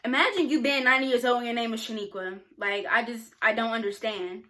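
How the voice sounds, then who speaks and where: A woman's voice: a little high, steady tone, fast talker, sharp tone. A young woman talking frankly and casually to camera, answering questions with plenty of filler words. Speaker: YouTuber.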